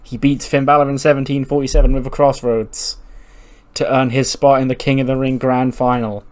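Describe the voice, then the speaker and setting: A chatty man narrates his progress through a simulation game in a casual let's-play style. He talks excitably, reacting to results and swearing offhandedly. His voice sits at an average male pitch. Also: fairly quick. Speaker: game commentator.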